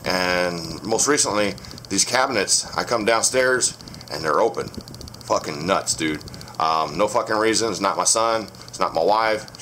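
A man's voice: fairly low pitch, a bit bright, a little hiss or hum. A man in his thirties filming a casual vlog inside his house on a handheld phone, talking bluntly, combatively and swearing constantly. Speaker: paranormal vlogger. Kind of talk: profane casual vlog rant.

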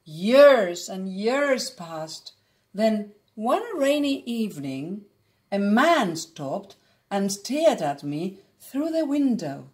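A woman reading a children's storybook aloud in an expressive, dramatic way. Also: mid-range voice, extremely slow.

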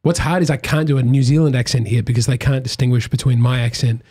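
A man's voice: medium pitch, fairly even intonation, quick pace, warm tone, slightly rough. Wry Australian man, casual podcast chat. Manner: wry, joking, rambling asides. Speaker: comedian guest.

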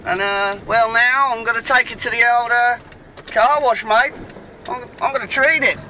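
A man's voice: extremely high pitch, fairly even intonation, normal speed, bright, forceful tone, slight background noise, heavily acted, rough recording. A man playing a brash, slangy tradesman who rambles and grumbles at other drivers from inside his moving van. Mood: chatty. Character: brash, mouthy Aussie tradie bloke, grumbling. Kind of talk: comic character monologue while driving.

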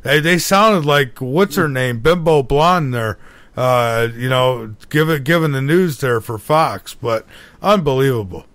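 A middle-aged man hosting a talk radio show, telling a story excitably with many restarts. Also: mid-range voice, a little slow, no room sound. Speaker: radio host. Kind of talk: casual talk radio chat.

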